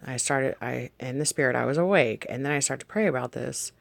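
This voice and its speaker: A vlog host speaks to the audience about dreams and visions jotted in a notebook, meandering and correcting themselves as they go in a casual, testimony-like way. The medium-pitched voice is creaky and fairly quick, with no room sound.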